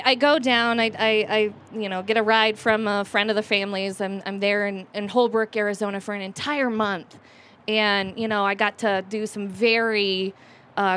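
A woman's voice: mid-range voice, fairly bright tone. A woman in her late twenties telling a rambling, self-mocking personal story at a live storytelling event, with many fillers and restarts.

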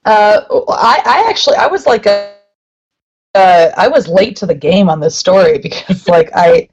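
A woman's voice: mid-range voice, animated, moderate pace. A woman talking casually in an interview about her band, rambling with lots of fillers and now and then a swear word. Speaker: band member guest. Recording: muffled lo-fi sound.

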